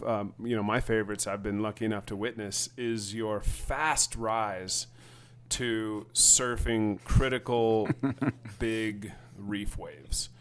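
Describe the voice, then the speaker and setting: A man records a quick, casual question for a podcast, his voice a little low. He sounds easygoing and plays around, with loose fillers between his thoughts. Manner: relaxed, playful greeting, halting with fillers. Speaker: guest asking a recorded question.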